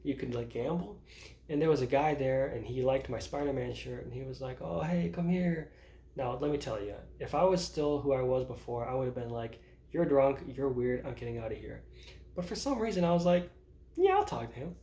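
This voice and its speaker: A man in his thirties tells his own stories to the camera, stumbling through restarts and laughing at his own moments. His voice sits at an ordinary middle pitch. The room around him sounds hollow and echoey. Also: fairly quick, warm tone. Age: 30s. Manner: rambling, self-interrupting, laughs at himself. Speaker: vlogger. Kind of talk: casual personal vlog. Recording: roomy echo.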